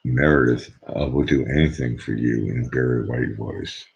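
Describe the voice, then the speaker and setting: Very deep-voiced man chatting casually. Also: moderate pace, gravelly, breathy edge, muffled recording. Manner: joking, talks quietly at times. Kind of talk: casual chat.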